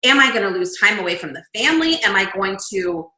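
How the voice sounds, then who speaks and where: A woman guest describing her path into shamanic healing in lively, animated conversation. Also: medium pitch, quick pace, roomy sound, rough recording. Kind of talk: casual storytelling chat.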